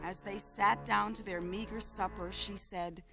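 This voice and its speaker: A woman reading a children's story aloud in a gentle, clear storytelling way. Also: medium pitch, fairly even intonation, a little slow, few pauses, faint music behind. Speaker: children's show host.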